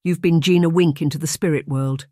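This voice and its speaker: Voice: mid-range voice, steady tone, fairly quick, darkish tone, no room sound, natural voice. Young Scottish maid with a broad brogue in an audiobook romance, earnest, voiced by the narrator; dry sound. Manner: broad old-fashioned brogue.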